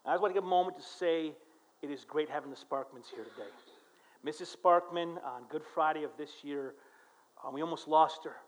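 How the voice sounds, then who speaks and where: A middle-aged man preaching a sermon as pastor in church, telling stories with animated voices for the people he quotes, moving between quiet and loud. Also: a little high, brisk.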